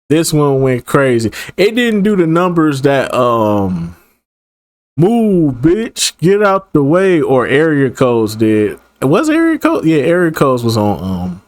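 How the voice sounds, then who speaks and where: A man's voice: medium pitch, big pitch swings, takes it slowly, no room sound. A man co-hosting a casual music reaction, loose and emphatic, repeating his points. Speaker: co-host. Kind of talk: casual music review chat.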